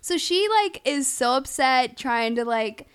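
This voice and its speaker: A young woman co-hosting a podcast, her voice sitting a little high. She tells a crude story in casual chat, animated and laughing as she goes. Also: a little slow, clean tone. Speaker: podcast co-host.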